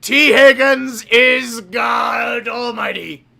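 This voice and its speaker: A man doing amateur, profane play-by-play commentary on a livestream, shouting on big plays. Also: very high-pitched, steady tone, drawn-out words, vocal fry.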